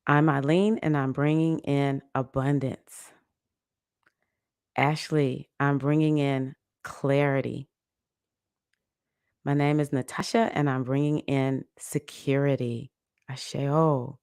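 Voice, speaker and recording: A woman hosting a live online women's circle, reading out chat comments in a soft, affectionate, unhurried way. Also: very deep voice, fairly even intonation, clean tone, no echo, clean studio sound. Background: music playing.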